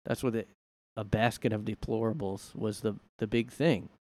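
A man's voice: fairly low pitch, fairly even intonation, normal speed, darkish tone. A man hosting a casual solo podcast from his room, talking in a sarcastic, rambling way. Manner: sarcastic, rambling, mocks with put-on voices. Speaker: podcast host. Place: room at home.

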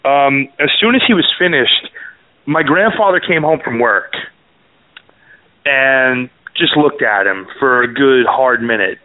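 A man from Canada spins a family anecdote with a wry, unhurried delivery. His voice sits in a middling register. The sound is thin and phone-like with no room around it. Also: mid-range voice, expressive, dry recording. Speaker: radio show co-host. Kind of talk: casual storytelling on a talk show. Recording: phone-like narrow sound, dry.

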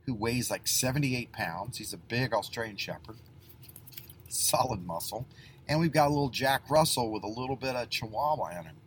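A man's voice: medium pitch, a little hiss or hum. A middle-aged man who owns a plumbing business, giving casual advice in a folksy, rambling way with lots of fillers and restarts.

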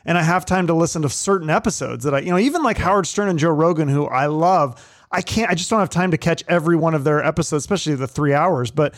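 A man interviewing a guest on his podcast in casual chat, eager and quick to agree. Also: on the high side, dry recording, clean studio sound.

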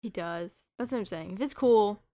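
A young woman co-hosting a casual podcast, laid-back and quick to laugh along with her co-host. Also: medium pitch, mellow. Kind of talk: casual chat.

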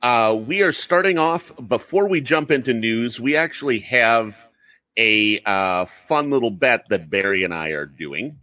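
Man, podcast host, bright tone, dry close sound, joking banter, lots of "uh"s. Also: mid-range voice, lively intonation, measured pace, dry recording. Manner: friendly, ribbing banter with frequent fillers. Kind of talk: casual podcast chat.

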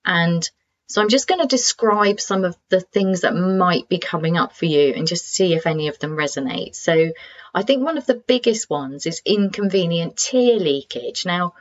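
Gentle candid woman coach, slightly muffled. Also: lowish voice, animated, moderate pace. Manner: gentle, candid, laughs at herself. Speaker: coach for professional women. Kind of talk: casual talk to an audience.

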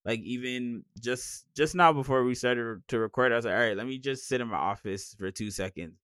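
A man's voice: mid-range voice, brisk, a bit bright, clean tone, no room sound, studio quality. A young man co-hosting a podcast in casual chat, tired, rambling with many restarts. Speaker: podcast co-host.

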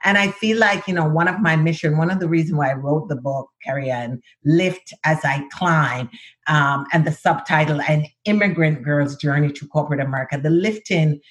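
A middle-aged woman from Jamaica with a Jamaican accent. She is an author who tells lively stories in a casual interview. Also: low voice, normal speed, slightly rough, dry recording. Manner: lively storyteller, mixes Jamaican and American speech.

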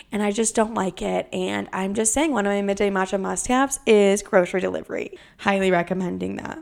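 A young woman hosts a solo podcast, talking in loose, casual chat with a constant stream of swearing. Her voice has a gravelly, creaky fry, and her pitch sits in an ordinary middle range for a woman. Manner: brash, heavily profane, chatty and animated. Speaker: podcast host.

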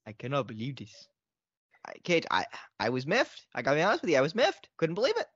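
A man co-hosting a casual sports podcast. He is excitable and repeats himself, and his pitch jumps a lot. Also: quick pace, no echo. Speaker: podcast co-host. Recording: dry, dull lo-fi sound.

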